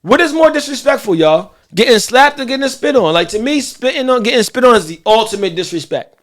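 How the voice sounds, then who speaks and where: A man co-hosting a casual talk show, telling stories in a loose, profane, animated way and asking listeners what they think. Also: extremely high pitch, fairly quick. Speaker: podcast co-host.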